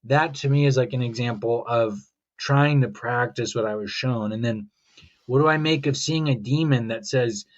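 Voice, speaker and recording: A man's voice: medium pitch, moderate pace, lo-fi sound. A man, a podcast guest, telling stories in a reflective, rambling way and quoting his own inner voice. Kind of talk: casual conversational storytelling.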